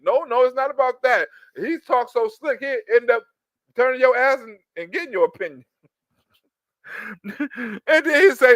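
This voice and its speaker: A man giving loud, profane reaction commentary, laughing and mimicking a politician as he talks. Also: extremely high pitch, a little fast, no echo, lo-fi sound. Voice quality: animated, profane, laughing while talking. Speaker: commentary YouTuber.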